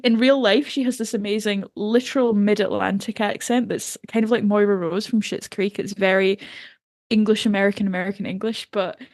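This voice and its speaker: A woman co-hosting a podcast, chatting casually about a TV episode, enthusiastic and quick to laugh. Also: medium pitch, steady tone, darkish tone, no room sound, clean studio sound. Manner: enthusiastic, laughs often, acts out quotes. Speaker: podcast co-host. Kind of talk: casual TV recap chat.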